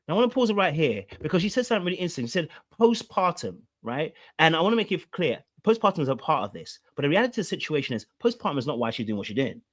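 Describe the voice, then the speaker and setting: A man's voice: on the high side, very animated, rapid-fire, few pauses. A man, a relationship coach, commenting on a played clip and explaining with repeated rhetorical questions.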